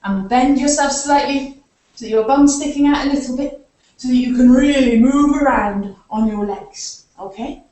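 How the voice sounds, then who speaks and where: A woman's voice: sits high, moderate pace, mellow. A woman leading a live story time for young children, playfully asking them to join in with actions. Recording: echoey room, far from the mic.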